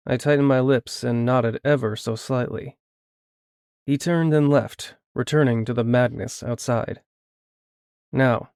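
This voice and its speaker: A man narrating first-person fiction in a steady, measured way on a close studio mic. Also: mid-range voice, dry recording. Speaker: audiobook narrator.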